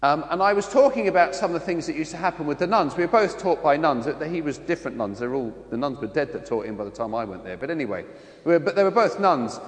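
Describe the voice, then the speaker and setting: A priest from London with a London accent, reading the gospel and then preaching in a chatty storytelling way. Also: male voice, on the high side, lively intonation, fast talker, echoey room, big-room sound. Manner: chatty storytelling with voiced impressions.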